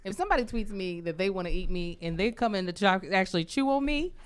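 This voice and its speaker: A woman co-hosting a comedy talk show, with loud, playful rants and lots of laughter. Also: medium pitch, animated, fast, smooth. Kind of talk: casual comedic chat.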